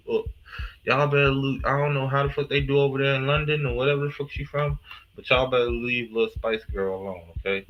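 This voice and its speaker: A man's voice: medium pitch, steady tone, a little fast, highs cut off. A man hosting a live reaction stream, talking in a casual, slangy, profane and emphatic way.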